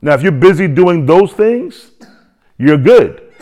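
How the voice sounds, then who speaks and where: Lively man preaching a sermon. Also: on the high side, takes it slowly. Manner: lively preaching with joking asides and repetition. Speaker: pastor.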